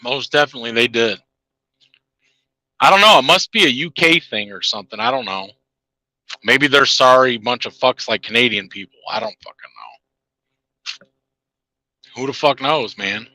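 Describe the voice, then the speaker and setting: A man's voice: medium pitch, lively intonation, moderate pace, pauses often, bright, forceful tone, no room sound, rough recording. A man ranting in a heated, profane monologue to his viewers, laughing at his own jabs. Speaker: channel host.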